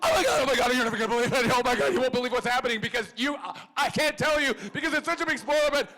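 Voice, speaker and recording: A man acting out an overexcited male co-star, shrieking with breathless excitement. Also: extremely high pitch, very fast, pitched above the performer's own voice. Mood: gleeful.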